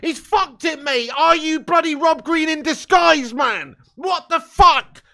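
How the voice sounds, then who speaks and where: High-pitched, bright-voiced man ranting. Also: slow, vocal fry. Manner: swearing, ranting, exasperated outbursts. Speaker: football fan streamer. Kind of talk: live football watchalong rant.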